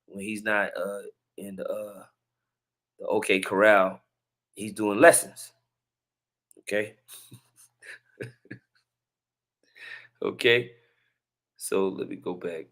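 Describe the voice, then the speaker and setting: A man's voice: lowish voice, steady tone, takes it slowly, pauses often, a bit bright. A man hosting a religious commentary video, talking in a laid-back, slangy way with laughing asides. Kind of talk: casual commentary.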